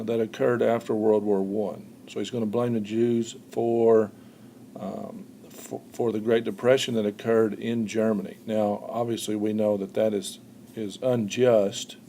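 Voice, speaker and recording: A man teaching a history lesson in an explaining tone, often pausing with "uh" and repeating words as he goes. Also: mid-range voice, creaky, dark tone, slight background noise. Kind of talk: recorded classroom lecture.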